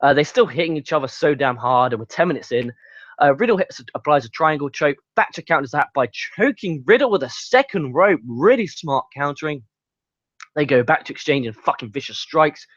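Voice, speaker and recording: High-voiced profane young man ranting. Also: lively intonation, a little fast, fairly bright tone, no room sound. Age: young adult. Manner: profane, ranting, play-by-play recap. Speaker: wrestling show reviewer. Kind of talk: casual review monologue. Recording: dull lo-fi sound.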